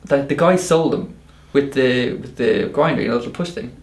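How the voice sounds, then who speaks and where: A man with an Irish accent, a barista co-hosting a casual podcast chat, telling emphatic, animated stories. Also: mid-range voice, normal speed, echoey room. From Ireland. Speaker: barista and co-host.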